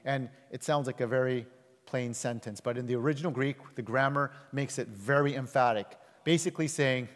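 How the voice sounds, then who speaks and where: A male pastor preaching a sermon with emphatic delivery, surging loud and high, then dropping low and quiet. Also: a little fast. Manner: emphatic, swings between loud rises and soft low drops. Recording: long reverb of a large hall.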